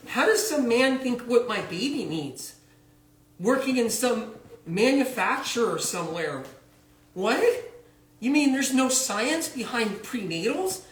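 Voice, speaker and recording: A man's voice: very high-pitched, animated, measured pace, voice pushed up. A man voicing an anxious pregnant woman who phones her doctor and questions him in shocked, indignant disbelief. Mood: alarmed, indignant. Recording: roomy echo.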